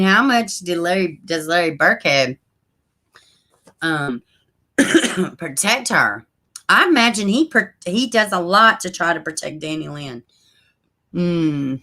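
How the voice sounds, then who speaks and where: Low, gravelly woman chatting on a livestream. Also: lively intonation, unhurried. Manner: chatty, talks straight to viewers as "y'all"; frequent soft asides while fiddling with links. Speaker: livestream host. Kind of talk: casual livestream chat, reading viewer comments.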